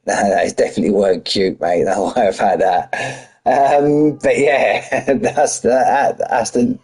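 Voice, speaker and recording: Before commentating a sim racing league, a middle-aged streamer chats easily with his audience in a medium-pitched, slightly mellow voice. Banter flows constantly as he welcomes chatters by name and keeps saying mate.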